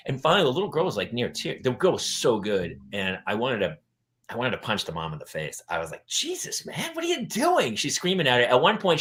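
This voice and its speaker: A man hosting a parenting talk show, telling comic stories and acting out the people in them with loud shouted voices. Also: mid-range voice. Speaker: podcast host. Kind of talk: comedic storytelling chat.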